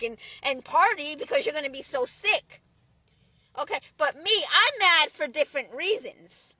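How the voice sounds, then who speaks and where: High bright woman ranting angrily. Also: no room sound. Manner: profane, preachy, repetitive restarts. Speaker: vlogger. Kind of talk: angry ranting monologue.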